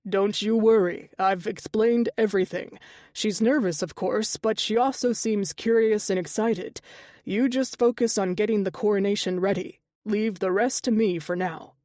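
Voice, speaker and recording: A woman voicing a wry, easygoing male shaman with a gravelly edge, speaking in a teasing, reassuring way in an audiobook. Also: medium pitch, steady tone, moderate pace, darkish tone, no echo, studio quality, close to an everyday voice. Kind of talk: audiobook character dialogue.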